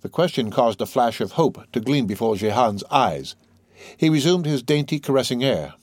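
A male audiobook reader narrating a classic novel at a steady, unhurried pace. His pitch sits in a middling range. The recording is dry and close. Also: no room sound.

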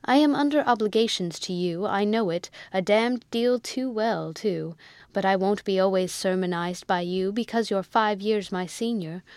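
In an audiobook reading, a woman voices a hot-tempered young army lieutenant, a proud officer who flares up fast and shouts in fierce indignation, pitching his lines a little higher and louder than her narration. The recording is close, dry and smooth, with no echo or room sound, and her voice sounds natural.

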